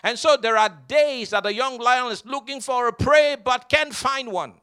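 A man's voice: very high voice, sharp tone, clear, resonant tone. A man preaching a sermon as pastor, leading the congregation in call-and-response and stretching out scripture word by word. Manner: drawn-out emphatic scripture reading.

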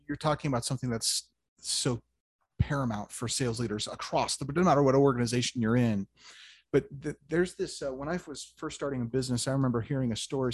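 A man hosting an interview, telling an animated story with stammers and restarts. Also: medium pitch, slightly rough, dry recording, clean studio sound. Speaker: podcast host. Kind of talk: casual interview chat.

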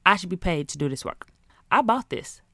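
A woman hosting a podcast, telling a comic story in an animated, profane, exasperated rant. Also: fairly low pitch, brisk, gravelly, no echo, clean studio sound. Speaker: podcast host. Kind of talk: comedic storytelling monologue.

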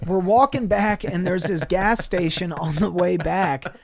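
A man with a somewhat high voice tells a profane, rambling story in a relaxed podcast chat. He laughs through his own lines and jumps between loud, excited bursts and low, muttered asides. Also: unhurried, creaky, crowd noise. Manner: profane, laughing anecdotal delivery. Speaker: podcast co-host. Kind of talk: casual comedic storytelling.

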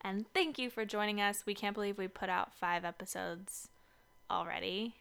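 A woman's voice: medium pitch, fairly even intonation, moderate pace, gravelly, a bit bright, clear, resonant tone. A young woman co-hosting a casual podcast from a basement home studio, upbeat and chatty. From Seattle area. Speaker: podcast co-host. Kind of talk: casual chat.

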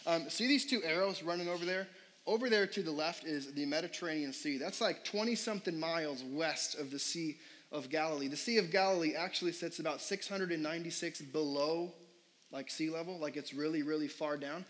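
A man's voice: a little high, fairly quick, a bit bright, low-quality recording. A young adult man preaching a sermon as pastor in a casual, conversational way, full of fillers and questions put to the congregation.

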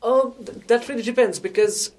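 A woman from India speaks as a guest in a relaxed interview. She explains things carefully and patiently, often pausing to restart her sentences. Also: a little high. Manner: measured, explanatory, with frequent restarts. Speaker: guest researcher. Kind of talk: conversational interview.

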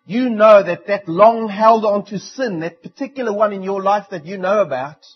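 A man preaching with a fairly high, husky voice. He swings between loud declarations and hushed, pressing asides. The recording is dull and lo-fi. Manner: dramatic preaching with sudden drops to near-quiet. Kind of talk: sermon. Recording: dull lo-fi sound.

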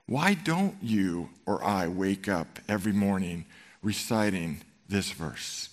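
A man's voice: low voice, takes it slowly. A man in his fifties preaching a sermon to a congregation, telling stories and acting out the scenes in them. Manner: animated storytelling, acts out scenes. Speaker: pastor. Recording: long hall reverb.

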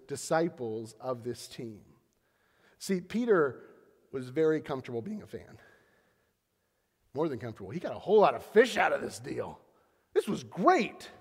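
A man preaching a sermon as pastor, in a conversational, animated storytelling manner. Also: high-pitched. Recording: long hall reverb.

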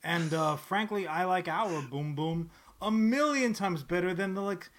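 A man's voice: high-pitched, unhurried, a bit bright. A man co-hosting a comics podcast, ranting with lots of swearing in casual chat. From New Jersey. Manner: profane, exasperated ranting. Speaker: podcast co-host.

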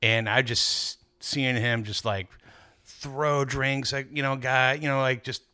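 A man's voice: medium pitch, steady tone, slow pace, bright, forceful tone, clean tone. A man chatting casually, making laid-back, dry remarks. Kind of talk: casual chat.

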